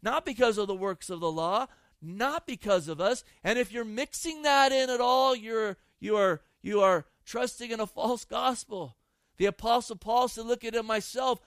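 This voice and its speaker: A man's voice: sits high, moderate pace, fairly bright tone, smooth, no room sound. A male pastor preaching an impassioned sermon outdoors in a garden, repeating phrases for emphasis.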